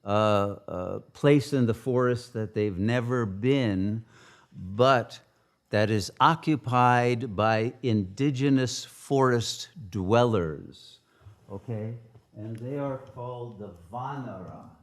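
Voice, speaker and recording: A man giving a spiritual retreat teaching, halting, with many filler pauses. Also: mid-range voice.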